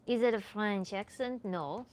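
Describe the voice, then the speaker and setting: A woman with a Russian accent talks casually to her livestream viewers as a tantra coach. Her pitch sits in an ordinary middle range. She laughs lightly through her answers and often fills pauses with "like.". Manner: relaxed, chatty, laughs often, many "like" fillers. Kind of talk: livestream Q&A chat.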